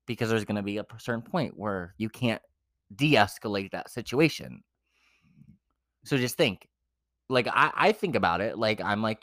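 A young man co-hosting a podcast, telling his dating stories in a blunt, profane, animated way. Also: lowish voice, brisk, no echo, studio quality. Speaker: podcast co-host. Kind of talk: casual chat.

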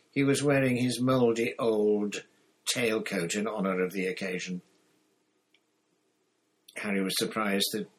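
Brief: male audiobook narrator, low voice, deliberate reading. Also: a bit bright, rough recording. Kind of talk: scripted narration.

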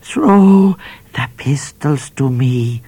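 A man's voice: a little high, sing-song, slow, gravelly, dark tone, slightly rough, dry recording, voice pushed up, full character voice. A man voicing a menacing male cat who poses as a bushranger and snarls threats.

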